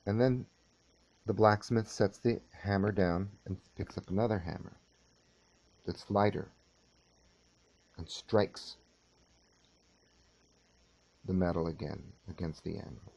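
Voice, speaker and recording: A man teaching a course, lecturing and telling a story in a measured, unhurried way with halting restarts. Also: low voice, a little mellow. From California.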